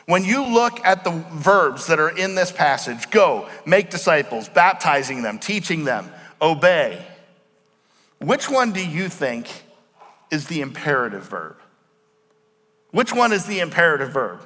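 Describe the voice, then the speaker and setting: A man preaching a sermon as pastor, explaining words slowly and asking the congregation questions. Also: on the high side, big pitch swings, bright, forceful tone. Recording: long hall reverb.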